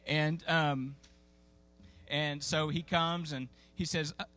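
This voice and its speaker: A man preaching in a church, his voice sitting a little high for a man. He tells the story in a loose, folksy way, stopping for fillers and starting lines over. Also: steady tone, slow, pushed and bright. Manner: folksy, conversational, with frequent fillers and restarts. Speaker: pastor. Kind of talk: sermon storytelling. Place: church sanctuary.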